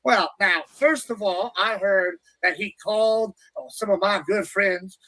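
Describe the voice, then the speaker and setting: Profane, high-voiced man ranting. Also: a little slow, pushed and bright, no echo, poor audio. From Texas. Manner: profane, mocking, combative. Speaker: livestream guest. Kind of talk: ranting livestream callout.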